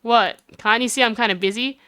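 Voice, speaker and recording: A woman's voice: a little high, fairly quick, bright, forceful tone, clean tone, no echo, studio quality. A woman voicing a brash, folksy woman photographer with a Southern accent, reading game dialogue aloud. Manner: drawling, homespun sayings.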